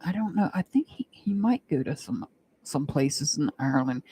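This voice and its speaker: A woman's voice: low-pitched, lively intonation, moderate pace, dark tone, slight background noise. A woman doing a live-stream tarot reading, chatting and rambling with her viewers and laughing often. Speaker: tarot reader.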